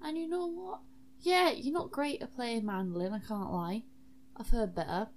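A woman's voice: a little high, moderate pace, a little hiss or hum, close to an everyday voice. A woman voicing a brash, crude male knight who swears freely and talks bluntly and offhand. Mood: blunt advice.

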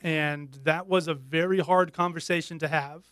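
A middle-aged man talks openly as an interview guest, his voice pitched a little high. He speaks earnestly and haltingly, often restarting a thought mid-sentence. The sound is dry and close, with no room echo. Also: steady tone, fairly bright tone, clear, resonant tone. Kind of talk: candid interview conversation.

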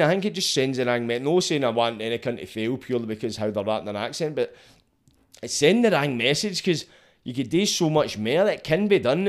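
A young Scottish man hosts a casual podcast and talks in a relaxed, swearing-heavy way. His voice sits at a middle pitch and moves at an ordinary pace. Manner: laid-back, sweary, laughs easily. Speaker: podcast host.

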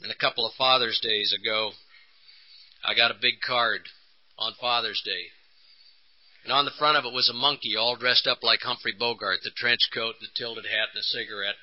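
A man's voice: medium pitch, steady tone, normal speed. An older man, telling his recovery story at a conference in an earnest, emotional way and acting out the dialogue. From Texas, USA. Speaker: conference speaker. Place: conference hall. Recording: dull lo-fi 1980s conference tape.

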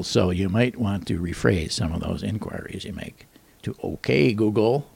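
An older man in his sixties reads satirical headlines with deadpan timing, then drops wry muttered comments. His voice is low and gravelly. The recording is dry and close, with no room sound. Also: moderate pace, no room sound. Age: 60s. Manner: dry, wisecracking, mutters asides. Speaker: podcast host. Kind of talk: deadpan satirical news monologue.

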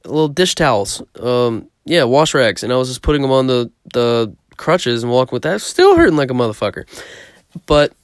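A man's voice: medium pitch, sing-song, moderate pace, clear, resonant tone, no room sound, studio quality. Profane rambling young guy telling a story. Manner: profane, rambling, self-mocking. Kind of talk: casual storytelling.

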